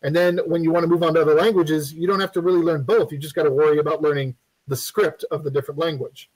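A man walks viewers through building a game in a loose, live-streamed tutorial, talking in a fairly high register for a man. He rambles, restarts and fills pauses with ums, and he tosses off jokes to the chat as he works. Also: fairly even intonation, a little mellow, rough recording. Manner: rambling and chatty, many fillers and restarts; joking asides to the viewers. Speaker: game development instructor.

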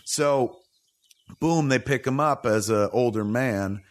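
Male podcast host, mid-pitched, casual and foul-mouthed, animated storyteller. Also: takes it slowly. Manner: profane, joking, animated storytelling.

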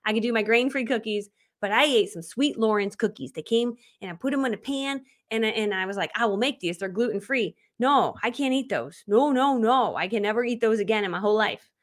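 A woman's voice: fairly high pitch, fairly quick, hardly any pauses. A woman in her thirties, a business coach talking casually on a live video, bubbly and chatty with frequent laughs.

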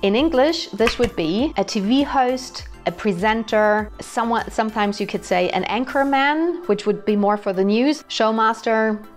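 A woman's voice: a little high, animated, unhurried, few pauses. Young German woman, German accent, chatty language teacher, faint music underneath. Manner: chatty, explains with everyday examples. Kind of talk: explanatory video lesson.

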